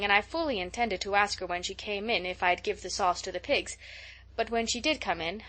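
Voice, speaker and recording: Audiobook: woman reading a dramatic, gushing girl, mid-pitched voice. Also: fairly bright tone, lightly acted. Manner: gushing, breathless storytelling. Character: chatty imaginative young girl, dramatic and excitable.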